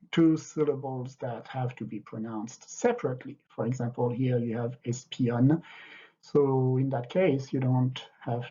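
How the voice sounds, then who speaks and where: Older man, husky. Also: mid-range voice, mellow. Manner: hesitant, many fillers, explanatory. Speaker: French literature teacher. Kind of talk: lecture with poetry reading. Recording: dull, lo-fi.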